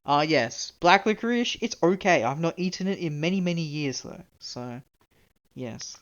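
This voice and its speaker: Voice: mid-range voice, animated, normal speed, lo-fi sound. A young-adult game streamer from Canada, chatting casually, rambling, self-mocking and swearing freely. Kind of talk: casual live-stream chat.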